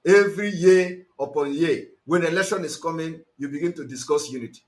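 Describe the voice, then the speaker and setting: A man's voice: a little high, fairly quick. A man giving impassioned, mocking political commentary to his listeners. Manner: forceful, mocking, mixes in pidgin and Igbo. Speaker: activist broadcaster.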